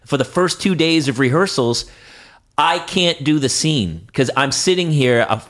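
A man from New Hampshire and Boston, an actor and improviser, telling lively show-business stories in a casual chat, swearing freely and jumping his pitch for quoted voices. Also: measured pace. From New Hampshire and Boston, USA.

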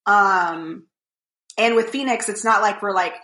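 A woman's voice: mid-range voice, a little slow, pushed and bright, reverberant. A young woman in casual podcast chat, telling a rambling story full of fillers and acted-out quotes. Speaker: podcast co-host.

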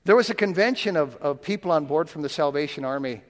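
A man preaching a sermon in a folksy, plain-spoken way, stumbling over repeated words and slowing down to read scripture. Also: fairly high pitch, lively intonation, big-room sound.

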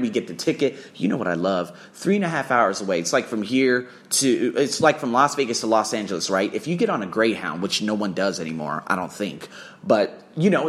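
A young man hosts a casual solo podcast and tells travel stories in a loose, profane way. His pitch jumps all over as he acts out what people said. His voice sits in a middle register. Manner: animated, profane storytelling with acted-out quotes. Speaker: podcast host.

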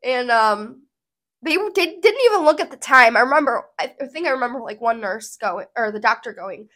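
A woman's voice: fairly high pitch, expressive, a little fast, a bit bright. A woman vlogger telling a personal story to camera in an earnest, emotional, rambling way.

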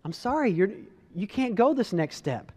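A man voicing a calm, firm male teacher who gently but plainly says no. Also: high-pitched, normal speed, in a large hall.

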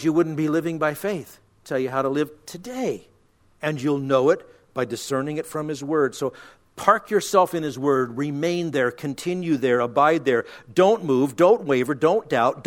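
A middle-aged man, a pastor, giving earnest, emphatic radio Bible teaching with frequent restarts. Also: fairly high pitch.

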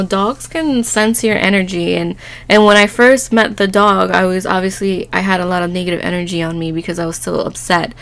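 A woman's voice: medium pitch, vocal fry. A young woman in her twenties telling a personal story in a chatty, casual way, laughing often and acting out dialogue. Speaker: vlogger.

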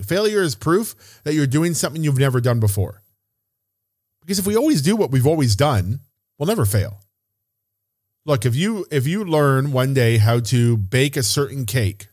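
A man's voice: medium pitch, a little mellow, dry recording, studio quality. A man hosting a solo motivational podcast as a business coach, speaking casually and stressing points by repeating phrases. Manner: casual, occasional swearing.

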